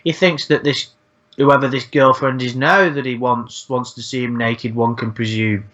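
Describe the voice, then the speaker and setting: A man's voice: mid-range voice, fairly even intonation, normal speed, a bit bright. Rambling man, lo-fi sound. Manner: rambling, frequent swearing, repeats words. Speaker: channel host. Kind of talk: casual podcast chat. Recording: dull lo-fi sound.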